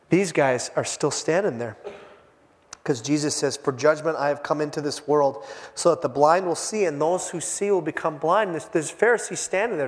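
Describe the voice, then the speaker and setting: Man, pastor, high voice, lively sermon storytelling, long hall reverb. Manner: animated storytelling, acting out voices, repeats and restarts.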